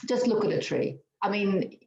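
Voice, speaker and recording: A woman's voice: medium pitch, expressive, normal speed, vocal fry, warm tone. Laughing, earnest woman reading tarot. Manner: earnest and upbeat, laughs often. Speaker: tarot reader. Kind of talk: weekly tarot card reading. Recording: roomy, slightly dull sound.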